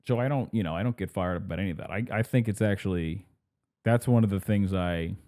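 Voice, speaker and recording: A man's voice: low-pitched, mellow. A man hosting his podcast in casual solo chat, rambling and restarting his sentences, laughing often and acting out what people say. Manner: rambling, self-interrupting, laughs often, acts out quotes. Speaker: podcast host.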